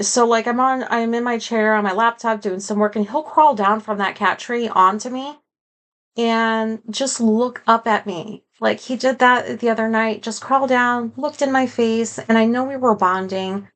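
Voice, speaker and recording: A woman hosting a personal podcast, talking frankly and emotionally, rambling and going off on tangents. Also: a little high. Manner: frank and emotional, with many fillers. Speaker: podcast host. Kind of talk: casual personal podcast monologue.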